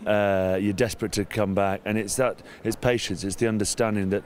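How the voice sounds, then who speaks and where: A middle-aged English man, a former rugby player, chatting in an outdoor interview, self-mocking and growing animated. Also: lowish voice, a little fast, slight background noise. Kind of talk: casual interview chat. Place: outdoors at a sports venue.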